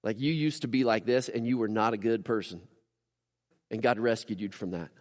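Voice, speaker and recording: A man preaching a casual, animated sermon as a pastor, with lively asides to the congregation. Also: fairly low pitch, moderate pace, in a large hall. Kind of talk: conversational sermon.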